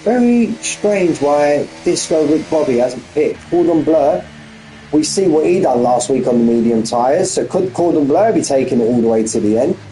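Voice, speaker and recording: A man calls a sim race in a loose, chatty way, stopping to tease viewers and saying things twice. His voice is mellow and warm. A faint hiss sits under the recording. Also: on the high side, expressive, moderate pace, rough recording. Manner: bantering, repeats himself, chats with viewers. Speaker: sim racing commentator. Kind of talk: casual live-stream commentary.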